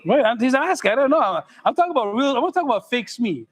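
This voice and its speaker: High-voiced imam joking with his congregation. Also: big pitch swings, fast, slightly rough, poor audio. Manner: joking, conversational, asks the audience questions. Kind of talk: casual sermon to a congregation.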